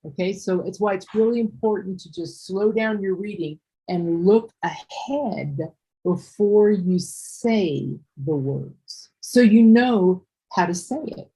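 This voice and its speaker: A woman's voice: mid-range voice, slow, warm tone, husky, rough recording. A woman teaching a one-on-one English class, explaining patiently step by step with examples.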